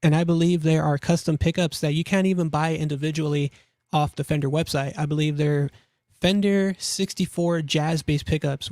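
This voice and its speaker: This is casual gear market commentary from a young male host who jokes around, chats, repeats himself and laughs at his own gags. He sounds a little high with a darkish tone, captured dry and clean as in a studio.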